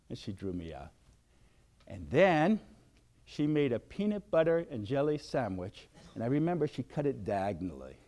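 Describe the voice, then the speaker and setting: Animated older man giving a pep talk. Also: mid-range voice, normal speed. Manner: animated, acts out shouted outbursts. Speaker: wellness speaker. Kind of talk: motivational talk.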